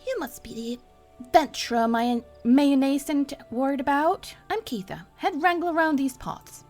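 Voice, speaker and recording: Woman doing rustic ranch wrangler woman, high lively voice, folksy dialect, game music under. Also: moderate pace. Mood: welcoming. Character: rough-spoken female chocobo wrangler, gruff. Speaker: voicing game characters.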